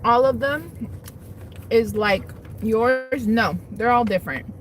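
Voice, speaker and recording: Slightly high and slow, a young woman's voice carries a casual livestream from her parked car on her lunch break. She rambles while eating and reading chat as the host.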